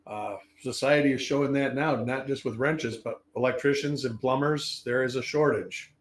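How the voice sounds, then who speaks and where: A man's voice: mid-range voice, steady tone, moderate pace. A man joining a casual livestream panel, offering brief, agreeable remarks. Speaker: panel guest.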